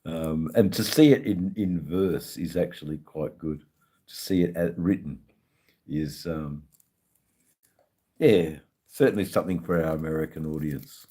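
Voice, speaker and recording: A man's voice: very deep voice, a little slow, warm tone, slightly rough. A man in his fifties with an Australian accent, chatting casually on a live stream, reading out viewer comments with plenty of slang, swearing and ums. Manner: laid-back, swears freely, many ums, uses Aussie slang.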